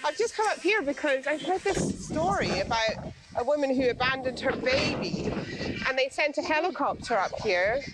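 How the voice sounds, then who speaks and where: A woman's voice: sits high, expressive, moderate pace, heavy background noise. A woman in her forties chatting frankly with a friend out on a hillside, telling stories and swearing casually. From Scotland. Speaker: filmmaker. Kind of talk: casual chat. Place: outdoors on a hillside.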